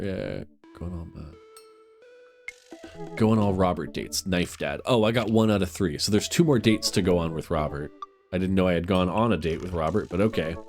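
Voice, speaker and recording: A man's voice: sits low, lively intonation, unhurried, long pauses, darkish tone, faint music behind. A man streaming a dating game, reading its lines aloud and joking about it. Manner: joking, reads dialogue in playful voices.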